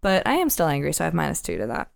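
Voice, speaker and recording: Woman, tabletop player, hesitant, low voice, gravelly fry. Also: huge pitch swings, racing. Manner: hesitant, lots of restarts and fillers. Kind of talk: casual tabletop play.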